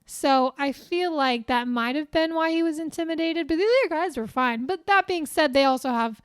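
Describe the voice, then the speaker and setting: A woman's voice: high voice, normal speed, dry recording, clean studio sound. A young woman co-hosting a podcast, teasing her co-host with crude jokes in casual chat.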